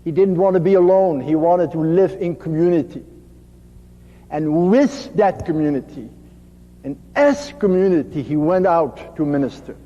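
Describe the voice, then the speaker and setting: A man preaching a sermon slowly and gently, his voice dropping to a soft hush on tender phrases. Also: on the high side, animated. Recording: dull lo-fi recording in a reverberant hall.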